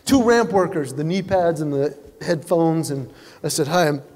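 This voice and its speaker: A man performing stand-up comedy, telling animated stories and acting out what other people said. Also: a little high, moderate pace. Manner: animated storytelling, acts out other people's lines. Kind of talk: stand-up comedy to a live audience. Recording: hall reverb with faint noise.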